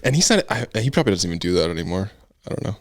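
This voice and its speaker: A man with a fairly low voice hosts a relaxed podcast conversation. He rambles and hedges, often trailing off with shrugs in his phrasing. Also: rapid-fire. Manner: rambling, hedging with "I don't know". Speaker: podcast host. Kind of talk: casual chat. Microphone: camera and studio mic.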